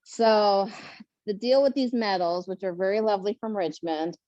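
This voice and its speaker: A woman on a panel telling a lively, laughing story about her first marathon and acting out what people said. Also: medium pitch, moderate pace, no room sound. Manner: animated, laughing, acts out quotes. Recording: muffled lo-fi sound.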